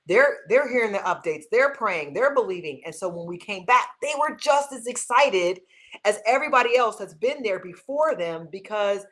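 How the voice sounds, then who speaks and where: Animated woman chatting about her church. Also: mid-range voice, moderate pace. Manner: animated, uses "like" often, speaks to viewers directly. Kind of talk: casual chat.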